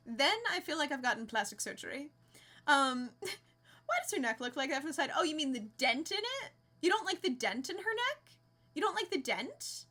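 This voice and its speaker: A woman's voice: high voice, sing-song, moderate pace, bright, forceful tone. A young woman streaming a game, chatting casually with her viewers and laughing often. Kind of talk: casual live-stream chat.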